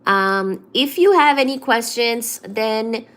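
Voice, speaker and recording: Slow, unhurried woman livestream host. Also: fairly high pitch, a bit bright. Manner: unhurried, greets viewers one by one by name. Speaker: livestream host reading chat. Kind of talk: casual livestream chat.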